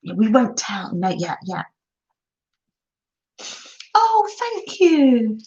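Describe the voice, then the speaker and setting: A woman's voice: on the high side, huge pitch swings, drawn-out words, a little mellow. An older woman, gushing in a casual livestream chat while she shows crafts to viewers. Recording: dull lo-fi sound.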